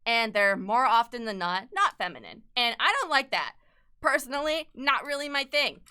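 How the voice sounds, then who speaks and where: A young woman streaming herself as she draws, chatting casually in a bright, crisp, slightly high voice. She gushes with excitement, swears freely and laughs a lot. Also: moderate pace. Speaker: artist livestreamer. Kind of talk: casual chat while drawing.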